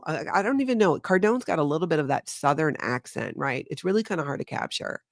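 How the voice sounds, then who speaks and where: A woman's voice: deep voice, moderate pace, gravelly, no echo, studio quality. Chatty woman hosting a livestream. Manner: chatty, animated storytelling. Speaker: host. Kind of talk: livestream commentary.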